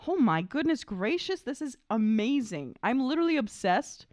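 A woman's voice: fairly high pitch, sing-song, moderate pace, a little mellow, no room sound, clean studio sound. A woman who is an opera singer and vocal coach, gushing in a live reaction chat, leaning on "like" and "I mean.". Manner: gushing, effusive, heavy use of "like" and "I mean".

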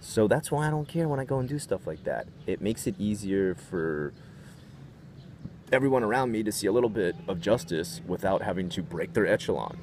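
A man's voice: lowish voice, fairly quick, a little hiss or hum. A man vlogger telling a story in a casual, profane, rambling way. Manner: profane, rambling, animated retelling.

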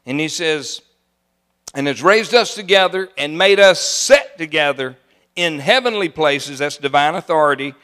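An older man preaching a sermon in a church, folksy, moving from soft asides to loud cries and slowing down to read scripture. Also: on the high side. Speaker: pastor. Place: church sanctuary.

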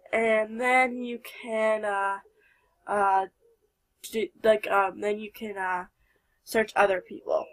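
A woman's voice: mid-range voice, flat delivery, slow. Chatty young woman narrating a game. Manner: chatty, giggly, talks to her game characters. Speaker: gameplay commentator. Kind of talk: casual let's play commentary.

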